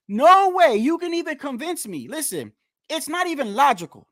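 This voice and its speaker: A man's voice: very high voice, very animated, a little fast, a bit bright, no echo, studio quality. A man ranting casually about boxing rankings, profane and repetitive, tired after a long day and talking straight to his viewers. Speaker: boxing commentator.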